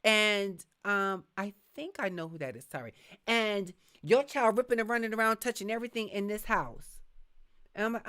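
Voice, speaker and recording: A middle-aged woman hosting a live podcast, talking frankly and reading viewer comments, acting out quick asides as she tells stories. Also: medium pitch. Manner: frank, animated storytelling with voiced asides. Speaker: podcast host.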